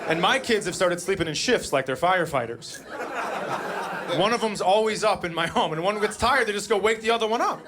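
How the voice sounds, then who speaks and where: A man doing stand-up comedy on stage, profane and sardonic, with dry deadpan asides. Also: sits high, a little fast, background noise. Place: comedy stage before a live audience. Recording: live audience laughter throughout.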